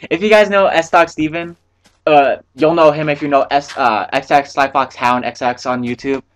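A man's voice: a little high, fairly even intonation, moderate pace. Rambling profane man narrating gameplay. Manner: rambling, profane, talks to himself. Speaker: gameplay commentator. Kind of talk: casual let's-play commentary.

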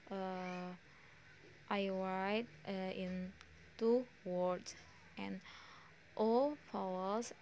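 A young woman with an Indonesian accent, a student slowly reading her pronunciation exam answers with frequent pauses and fillers. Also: medium pitch, a little mellow, slight background noise. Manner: slow, halting delivery with many pauses and fillers.

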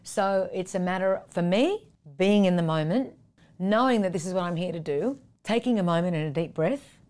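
A husky-voiced woman talks with a singer's earnest conviction. Her voice sits a little low, and she makes her points in short, emphatic phrases. She sounds slightly worn from singing a lot and sleeping little. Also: lively intonation, normal speed, a little mellow. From Australia. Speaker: guest singer and vocal teacher. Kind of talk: conversational interview.

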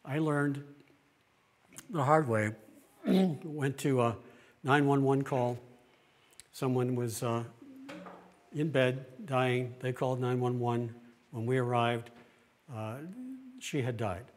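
A middle-aged pastor delivers an earnest, plain-spoken talk in a sermon style, with pauses and restarts. His voice is medium-pitched and his intonation fairly even.

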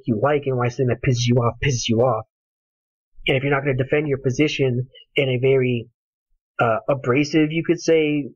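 A man's voice: medium pitch, no room sound. Heated, cursing man on lo-fi audio. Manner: angry, profane, passionate. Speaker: YouTuber ranting about a game. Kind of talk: heated solo rant. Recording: dull lo-fi home recording.

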